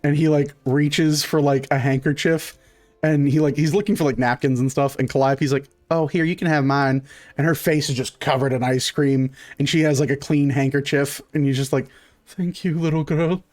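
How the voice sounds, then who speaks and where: A man's voice: medium pitch, level tone, fairly quick, a little mellow. A man narrating as game master in a loose, laughing way, with many fillers.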